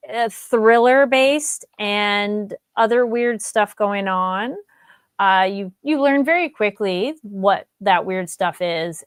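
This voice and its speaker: A woman co-hosting a casual fan chat show, reading viewer comments and giving relaxed recommendations. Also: mid-range voice, clean tone, no echo. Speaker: podcast co-host.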